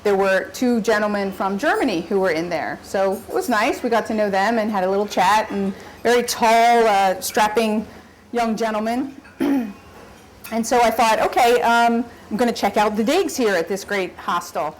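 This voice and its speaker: A woman telling a personal story on stage at a live event, animated and often laughing. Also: medium pitch, moderate pace, a little hiss or hum, poor audio. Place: story slam stage before an audience.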